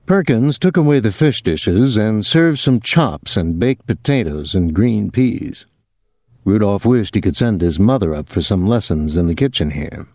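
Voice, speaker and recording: Low, dark-voiced male narrator. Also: no echo, studio quality. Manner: measured, expressive storytelling. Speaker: audiobook narrator. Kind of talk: scripted narration of a novel.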